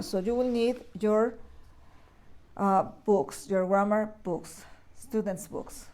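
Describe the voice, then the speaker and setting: With a mellow, medium-pitched voice, a primary school English teacher teaches grammar to young children in a recorded class lesson. She is patient, repeats key words, and checks in often.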